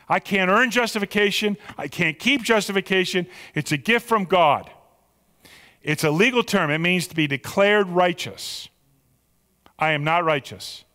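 A pastor preaching a sermon with emphatic, drawn-out stressed words in a church sanctuary. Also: male voice, a little high, pushed and bright, in a large hall.

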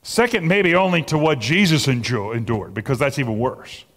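A man preaching a sermon, moving between loud emphatic peaks and soft near-whispers. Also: medium pitch, moderate pace, in a large hall. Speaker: pastor.

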